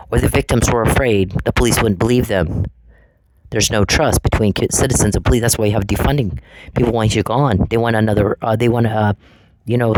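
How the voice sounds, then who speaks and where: A man's voice: on the low side, darkish tone, slight background noise, poor audio. A man delivering an angry, confrontational monologue, taunting and swearing at the people he addresses.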